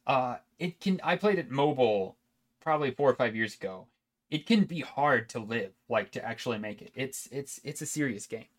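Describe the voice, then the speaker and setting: A man chatting casually about video games on a podcast, rambling with frequent restarts and laughs. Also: mid-range voice. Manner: rambling, laughing, self-interrupting. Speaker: podcast co-host. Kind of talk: casual gaming chat.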